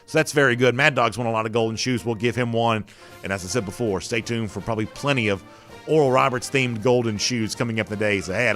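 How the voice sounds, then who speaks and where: A man's voice: medium pitch, fast talker, fairly bright tone, soft background music. A man hosting a casual sports talk show, chatting loosely with plenty of "you know" fillers and reading out viewer comments.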